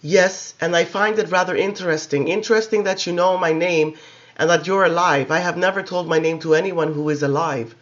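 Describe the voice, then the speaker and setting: A man reading aloud, voicing an ancient male vampire in a young boy's form who speaks slowly, gently and with contempt. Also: fairly high pitch, fairly even intonation, muffled recording, close to an everyday voice. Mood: coolly curious.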